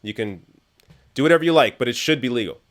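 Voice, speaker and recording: A medium-pitched man talks fast with lively intonation. The young Canadian livestream host answers viewer questions casually and chattily, often laughing and letting sentences fade into fillers.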